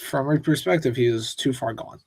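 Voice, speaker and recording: This male pop-culture podcast co-host rants profanely in casual chat, talking briskly. His voice is medium-pitched and darkish with a breathy edge, and the recording is dry.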